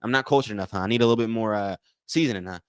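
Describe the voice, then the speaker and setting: A man with a lowish voice hosts a live watch-along, racing through casual play-by-play and chatting with viewers. He repeats himself often, calls the chat "y'all," and thanks donors. The studio-quality sound is clean, with no room sound.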